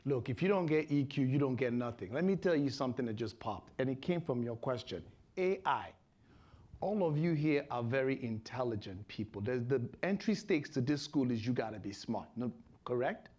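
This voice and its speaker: Emphatic man with a mellow voice. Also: medium pitch, lively intonation, normal speed. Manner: emphatic, lecturing. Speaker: lawyer, panelist. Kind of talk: panel discussion.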